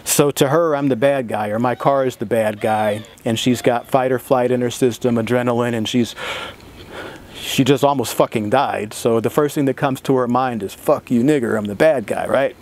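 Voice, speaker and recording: A man's voice: mid-range voice, fairly even intonation, moderate pace, a little mellow. A man vlogging in a casual, profane storytelling manner, laughing often as he talks.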